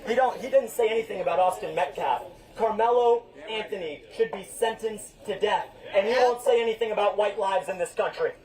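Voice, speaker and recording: A man running for office shouts loud, taunting challenges at a rival at a crowded outdoor event. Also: high voice, brisk, few pauses. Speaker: political candidate. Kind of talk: shouted heckling at a political rival. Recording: distant mic with crowd noise.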